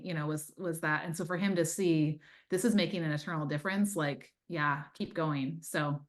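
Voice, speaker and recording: Earnest woman, lowish voice, chatty. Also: fairly even intonation, fairly quick, hardly any pauses. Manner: earnest, faith-filled, conversational with many fillers. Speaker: time management coach, guest. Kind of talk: testimonial interview.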